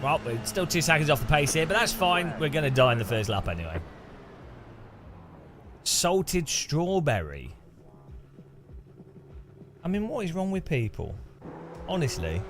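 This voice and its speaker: A man's voice: fairly high pitch, sing-song, measured pace, long pauses, noisy background. A British man streaming a racing game, chatting and joking with his viewers. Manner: joking, teasing chat. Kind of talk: casual gaming commentary. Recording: music playing under voice.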